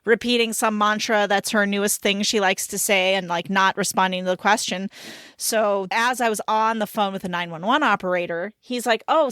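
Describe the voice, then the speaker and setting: A woman in her thirties co-hosts a relaxed chat show. She is an animated storyteller who laughs partway through her sentences. Her voice sits at an everyday middle pitch, recorded close and dry with no room sound. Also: no echo. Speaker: podcast co-host. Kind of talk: casual chat.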